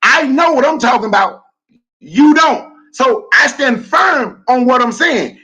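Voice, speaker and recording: A man argues hard on a podcast livestream. His voice sits very high, husky and bright. He shouts and repeats his points. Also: expressive, measured pace, low-quality recording. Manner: loud, combative, repeats himself. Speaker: podcast co-host. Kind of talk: heated livestream debate.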